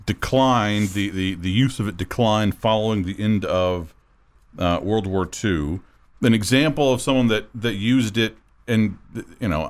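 A man co-hosting a sports talk radio show, chatting loosely and reading listener messages. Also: low-pitched. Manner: loose and searching, full of fillers. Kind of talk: casual sports talk chat.

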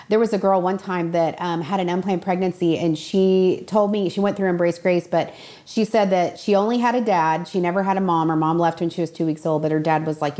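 Young woman guest, earnest storyteller, lowish pitch, casual interview talk. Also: darkish tone. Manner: earnest storytelling, acts out quoted voices.

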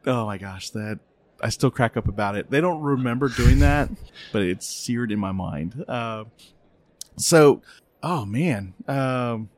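A man's voice: mid-range voice, takes it slowly, dry recording. Dry-voiced middle-aged man hosting a podcast. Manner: storytelling, animated when laughing, filler-heavy. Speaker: podcast host. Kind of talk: casual interview chat.

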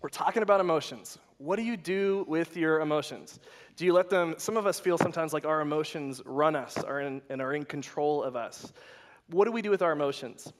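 A man giving a sermon as a guest speaker at a worship night, lively and repeating his questions, with frequent restarts. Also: on the high side, a little fast.

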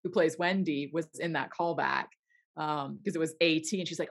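A woman's voice: low-pitched, a little fast. A young woman actor telling an audition story in a casual interview, laughing often and acting out what people said. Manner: bubbly, laughs often, acts out quotes. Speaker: actor guest.

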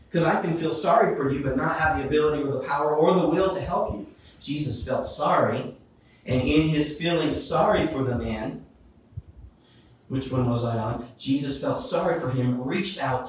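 A man's voice: fairly high pitch, normal speed, a little hiss or hum. Echoey male preacher reading scripture. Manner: reads Bible verses aloud, expressive and emphatic. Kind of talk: sermon. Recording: echoey room, voice from a distance.

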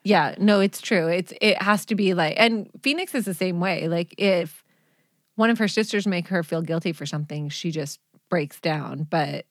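A woman's voice: on the low side, normal speed, dry recording, clean studio sound. A woman in her forties, a mother co-hosting a podcast from home, telling stories bluntly and laughing often. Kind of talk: casual chat.

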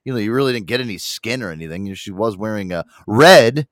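A man hosting a casual podcast, talking in a profane, excitable way. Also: fairly low pitch, brisk, no room sound, studio quality. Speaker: show host.

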